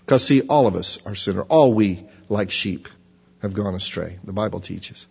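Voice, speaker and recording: Husky-voiced male preacher in a big hall. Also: fairly low pitch, moderate pace, a little mellow. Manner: dramatic, acts out quoted prayers with rising intensity. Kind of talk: sermon. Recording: lo-fi sermon recording in a large reverberant hall.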